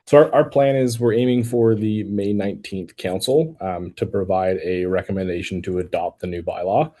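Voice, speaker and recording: A man with a low, mellow voice answers questions at an online public meeting. He speaks as city staff, careful and technical, and often stops to restart a sentence. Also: normal speed.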